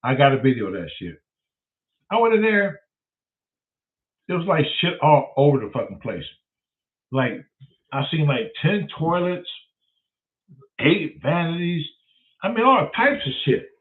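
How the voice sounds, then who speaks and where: A man, hosting and telling a profane, animated story, acting out both sides of the conversation. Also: fairly high pitch, a little slow, long pauses. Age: 60s. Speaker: host. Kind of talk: casual storytelling. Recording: tinny phone-like sound.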